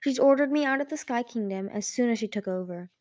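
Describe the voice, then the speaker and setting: A woman's voice: fairly high pitch, fast, darkish tone, dry recording, clean studio sound, voice pushed up, lightly acted. A woman reading as a blunt, bitter female dragon. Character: dangerous, lonely, blunt young female dragon. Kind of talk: audiobook reading.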